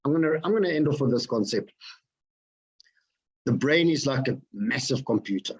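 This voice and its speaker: A man giving an energetic motivational talk to an online group. He keeps asking his listeners questions and repeats his phrases for effect. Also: medium pitch, normal speed, breathy edge, dull audio. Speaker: motivational speaker.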